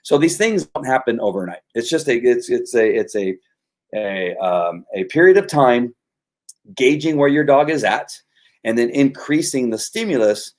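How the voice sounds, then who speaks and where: Middle-aged male dog trainer, mid pitch, chatty storyteller. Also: animated, normal speed, darkish tone. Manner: storytelling, frequent restarts. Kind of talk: casual conversational explanation.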